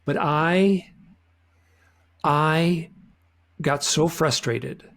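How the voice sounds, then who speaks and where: Gravelly man rambling with restarts. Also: on the high side, very slow, fairly bright tone. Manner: rambling, many restarts and repeated words. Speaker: guest author. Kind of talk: casual interview chat.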